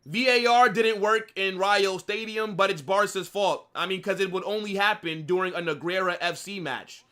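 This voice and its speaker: A man's voice: high-pitched, moderate pace, sharp tone. A young man hosting a live football stream, bantering combatively and mocking commenters in his chat.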